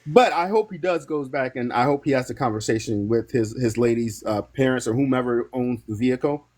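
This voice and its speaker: Male caller, average pitch, hesitant delivery. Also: a little fast, darkish tone. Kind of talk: call-in comment.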